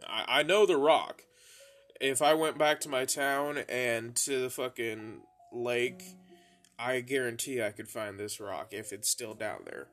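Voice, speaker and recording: Over a faint music bed, a young man hosting a podcast tells rambling, profane stories in a casual monologue, laughing and imitating his friends. His voice is medium-pitched and a bit bright.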